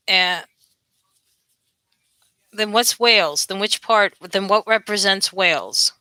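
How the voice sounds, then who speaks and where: A woman's voice: medium pitch, takes it slowly, pauses often, sharp tone, dry recording. A woman with a New York accent, chatting casually on a live stream, repeating herself and asking viewers questions. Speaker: livestream host.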